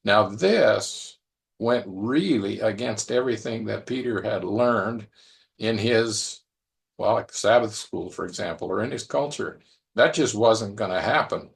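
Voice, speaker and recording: A man's voice: lowish voice, a little slow, vocal fry. A man preaching a conversational sermon, musing aloud and repeating phrases as he reflects.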